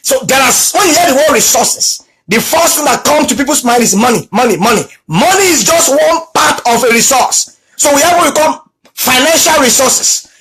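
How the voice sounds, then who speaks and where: A man's voice: very high-pitched, animated, normal speed, a bit bright, poor audio. A middle-aged man preaching a sermon, telling stories and repeating key phrases for emphasis. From Nigeria. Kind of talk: sermon with storytelling.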